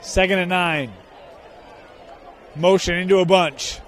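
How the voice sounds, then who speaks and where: A man with a notably high voice calls plays in short, brisk bursts. Between downs he trades jokes with his partner. It is a live broadcast from a stadium press box. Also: steady tone, fairly bright tone, slight background noise. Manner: brisk play calls, bantering with co-host. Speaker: play-by-play announcer. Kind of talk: live football commentary.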